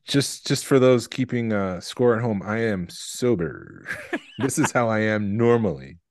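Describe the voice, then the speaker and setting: A man co-hosting a casual chat, making dry, deadpan jokes. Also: fairly low pitch, a little slow, no echo. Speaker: podcast co-host.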